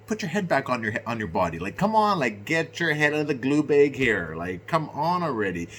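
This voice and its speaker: A middle-aged man from Canada, venting to camera in an unscripted rant, animated and indignant, drifting from low musing into loud, exasperated outbursts. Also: fast, hardly any pauses, a little hiss or hum. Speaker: vlogger.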